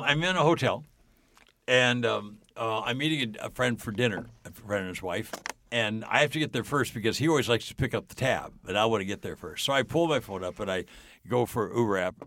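A man's voice: lowish voice, fairly bright tone, no room sound. An older man, a podcast guest, telling stories with enthusiasm and acting out the dialogue. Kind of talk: storytelling in a faith podcast.

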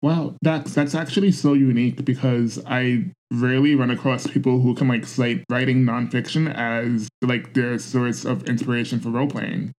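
Teasing man with quick quips. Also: mid-range voice, fairly even intonation, a little mellow, low-quality recording. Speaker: podcast co-host. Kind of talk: casual group chat.

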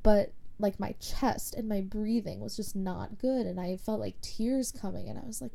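Young woman with a mellow, gravelly voice. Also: mid-range voice, normal speed, hardly any pauses. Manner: rambling, frequent "like" fillers. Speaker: podcast host. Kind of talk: casual personal storytelling.

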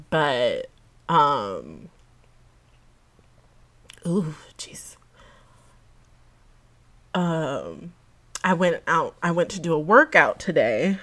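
A woman's voice: deep voice, a bit bright. A young woman hosting her own podcast, talking casually to listeners with slang and frequent laughs, sometimes close to tears. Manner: laughs often, emotional, tearing up at times; slang-filled, speaks to listeners as y'all. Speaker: podcast host. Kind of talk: casual solo podcast talk.

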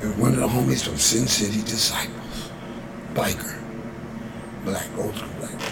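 A man's voice: medium pitch, measured pace, vocal fry, pauses often, a little hiss or hum. A man casually telling a street story from his youth, swearing freely and acting out what others said. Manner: profane, animated street storyteller acting out quotes.

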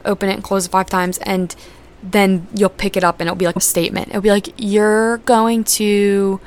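A woman's voice: medium pitch, level tone, quick pace. A young adult woman hosting a podcast in casual chat, rambling with lots of fillers and casual swearing. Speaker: podcast host.

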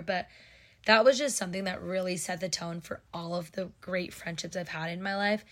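A woman's voice: lowish voice, a bit bright. A woman in her twenties hosting her own podcast, talking casually and emotionally, with lots of fillers. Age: 20s. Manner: heartfelt and emotional, filler-heavy. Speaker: podcast host. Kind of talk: casual personal monologue.

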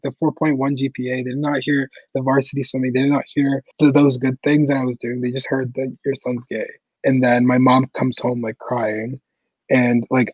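A young man with a husky, slightly breathy voice recounts his story in an easygoing way, peppering nearly every phrase with "like". The recording is dry and a bit dull, with no room around him. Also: mid-range voice, darkish tone, no echo. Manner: casual, heavy use of "like" fillers. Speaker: podcast guest. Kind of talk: personal storytelling interview.

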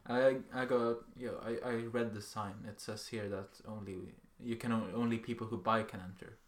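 A young man co-hosting a podcast in casual chat, relaxed and swearing, laughing easily. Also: fairly low pitch, moderate pace. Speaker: podcast co-host. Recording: echoey room.

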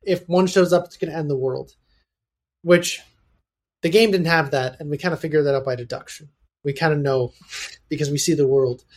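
A man co-hosting a podcast in casual chat, thoughtful and hesitant with pauses. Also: a little high, darkish tone. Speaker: podcast co-host.

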